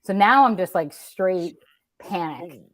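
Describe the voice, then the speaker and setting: A woman speaking as a panel guest, her voice somewhat low for a woman. She tells her story conversationally, acting out what people said. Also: takes it slowly. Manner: storytelling, animated quoting. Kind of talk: casual panel talk.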